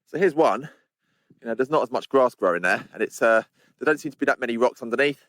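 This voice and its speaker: A man's voice: mid-range voice, quick pace, no echo. A man vlogging outdoors on windy hills, chatting casually to the camera and speaking directly to his viewers. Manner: chatty, addresses viewers directly, relaxed asides. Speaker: hiking vlogger. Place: outdoors on windy fells at a campsite.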